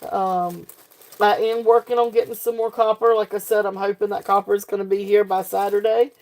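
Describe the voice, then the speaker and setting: A woman with a mid-range, darkish voice hosts a casual live-stream jewelry sale, speaking briskly in a flat delivery. She's chatty and laughs often, her talk full of fillers and restarts.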